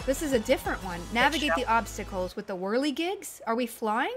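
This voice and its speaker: A woman streaming a video game, chatting excitably and cursing when the match goes badly. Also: on the high side, a little fast, music in the background. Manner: loud, excitable, swears when frustrated. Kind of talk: live gaming stream chat.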